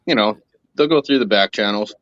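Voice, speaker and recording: A man's voice: lowish voice, brisk, fairly bright tone, no room sound. Groggy, blunt man on a dull mic. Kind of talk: casual chat.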